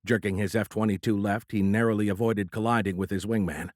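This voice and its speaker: A male audiobook narrator with a low voice, reading in a steady, measured way. The recording is close-miked and dry, with no room sound behind it. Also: no echo. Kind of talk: scripted narration.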